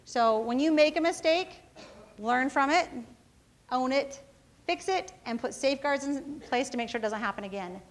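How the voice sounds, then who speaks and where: A woman's voice: sits high, lively intonation, normal speed. A woman who founded a company, giving a casual motivational talk to students, telling self-mocking stories and often checking in with the audience. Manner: casual storytelling, often asking the audience "right?".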